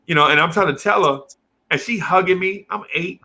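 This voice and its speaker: A middle-aged man tells a long story in casual talk. His voice is bright and sits a little high. He jumps between quoted voices and keeps dropping in slang. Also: a little fast. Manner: acts out teachers and kids in quoted voices, heavy slang. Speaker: podcast co-host telling a childhood story.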